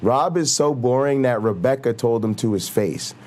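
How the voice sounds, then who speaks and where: A male livestream host chatting loosely with his viewers. He talks in street slang, teasing and joking, and his voice sits in a middle pitch. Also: normal speed, darkish tone. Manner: slangy, joking, addresses chat directly. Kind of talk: casual livestream chat.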